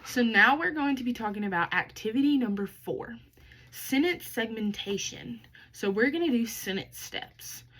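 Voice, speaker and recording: A young woman teaching a kindergarten class and sounding out words slowly and loudly for young children. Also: on the high side, low-quality recording. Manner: slow, exaggerated word sounding for young children. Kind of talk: kindergarten lesson.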